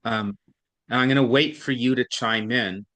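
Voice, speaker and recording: Patient male reading tutor, mid pitch. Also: fairly even intonation, normal speed, sharp tone. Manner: patient, explains step by step, often checks in with "right?". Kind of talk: one-on-one tutoring explanation.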